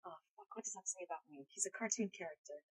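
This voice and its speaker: A woman's voice: mid-range voice, quick pace, breathy edge, poor audio. A woman live streaming in casual chat, playful and blunt, swearing freely, speaking English as a second language. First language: not English.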